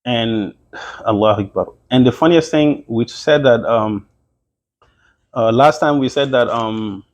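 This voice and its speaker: A man's voice: mid-range voice, measured pace. A man giving an informal religious history lesson, talking conversationally with many fillers and restarts. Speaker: religious teacher.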